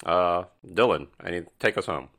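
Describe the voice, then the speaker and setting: Deep gravelly-voiced man chatting casually. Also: moderate pace. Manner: relaxed, chatty, prompts others to speak. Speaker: podcast co-host. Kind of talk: casual film discussion.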